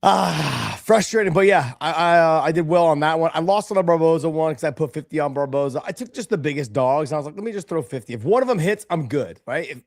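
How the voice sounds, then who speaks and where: A man's voice: a little high, expressive, fast, creaky, hardly any pauses, dry recording, studio quality. A man hosting a sports podcast, telling loose, rambling stories in casual chat. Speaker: podcast host.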